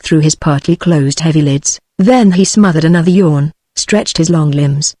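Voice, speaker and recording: A woman's voice: low-pitched, normal speed, no echo. Synthetic British woman reading a novel aloud. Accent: British English. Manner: even, unacted reading of all characters. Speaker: narrator.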